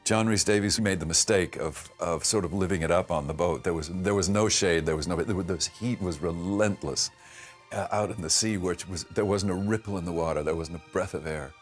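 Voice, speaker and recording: An older man, an actor, thoughtfully recalling his work in a reflective interview, speaking in a measured way with restarts and pauses. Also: low voice, faint music behind. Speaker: actor recalling a past production.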